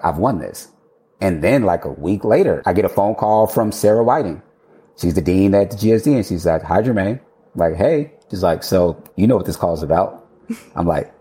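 A man with a low, dark, mellow voice recounting his career as a guest in a relaxed interview. He slips into his past self's words as he goes, laughs often and doesn't hold back the swearing. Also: brisk. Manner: animated, quotes himself, swears and laughs freely. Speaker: architect guest. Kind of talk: casual storytelling interview.

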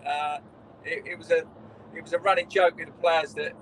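A man's voice: fairly high pitch, very animated, a little fast, slight background noise, low-quality recording. A middle-aged man, a former footballer telling rambling stories in a casual interview. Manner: rambling storyteller, restarts, swears in quotes.

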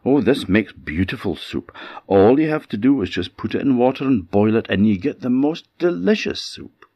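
A man's voice: medium pitch, animated, moderate pace, husky, no room sound, dull audio, voice pushed up. A man with an Orkney Scots accent voicing a cunning old beggar who coaxes and wheedles. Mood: coaxing. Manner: wheedling, persuasive, chuckling. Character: cunning old male beggar, coaxing and sly.

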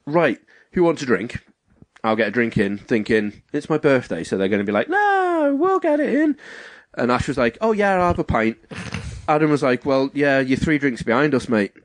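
A young man telling a story to a friend in a relaxed chat. He is animated and acts out what people said in other voices. His voice sits in a middle register, recorded close and dry. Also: medium pitch, a little fast, dry recording.

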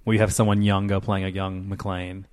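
A man's voice: low voice, little pitch movement, moderate pace, darkish tone, clean tone. A man co-hosting a podcast in casual chat, wry and teasing, often breaking into laughter. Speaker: podcast co-host.

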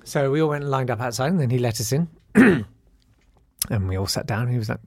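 A man's voice: medium pitch, normal speed, dry recording, studio quality. A man hosting a podcast, telling a school story in a wry, self-deprecating way and acting out the people in it. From South East London. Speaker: podcast host. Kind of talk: casual storytelling monologue.

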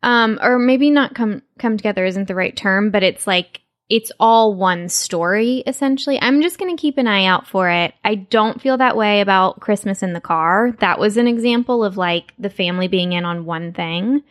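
A woman from Texas co-hosting a podcast in a relaxed chat, talking quickly with many fillers and restarts. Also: mid-range voice, no echo, studio quality. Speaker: podcast co-host. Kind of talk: casual chat.

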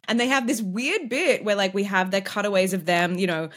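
A woman, co-hosting a podcast in casual chat, animated and swearing freely as she recaps a reality show. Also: medium pitch, a little fast. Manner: animated, swears freely, puts on voices when retelling scenes. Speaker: podcast co-host.

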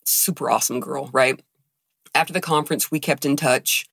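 A woman's voice: a bass voice, moderate pace, creaky, slightly rough, dry recording, studio quality. Woman co-host telling a personal story. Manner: animated, acts out quoted dialogue. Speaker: podcast co-host. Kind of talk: casual storytelling chat.

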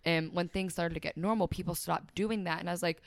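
Young woman speaking candidly, soft-voiced. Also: on the low side, fairly even intonation, a little fast, gravelly, dry recording, studio quality. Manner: emotional, frequent "like" fillers, quotes others. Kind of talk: candid personal conversation.

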